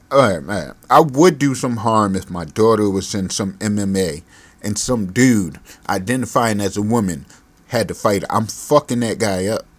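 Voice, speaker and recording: Man, podcast host, solo rant, exasperated, cursing, rambling, very animated pitch, dry close sound. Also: no room sound. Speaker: parent.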